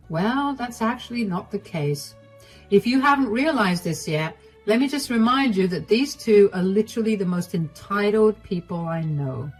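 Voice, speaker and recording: A husky-voiced woman recounting a first-person story in a steady, matter-of-fact read. Her tone sits at a middle pitch and keeps an even, unhurried flow. Each sentence lands plainly, as in scripted story narration. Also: low-quality recording.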